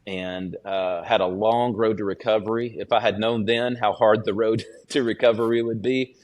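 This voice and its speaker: A man, a student pastor, giving an earnest personal testimony as a podcast guest, in a halting, restarting way. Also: fairly low pitch, fairly even intonation, darkish tone.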